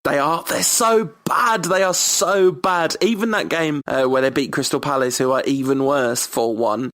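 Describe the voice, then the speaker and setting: A man's voice: medium pitch, fairly bright tone. Wry man chatting about football. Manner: wry, mocking asides. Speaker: podcast co-host. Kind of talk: casual football chat.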